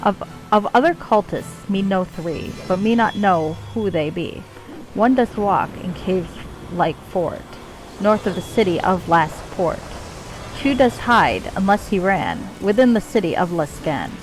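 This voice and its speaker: A woman's voice: mid-range voice, lively intonation, a little slow, soft background music, lightly acted, poor audio. Woman doing a mad rhyming cultist man. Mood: sing-song. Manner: speaks in singsong rhymes with broken grammar. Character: mad rhyming male cultist, broken grammar.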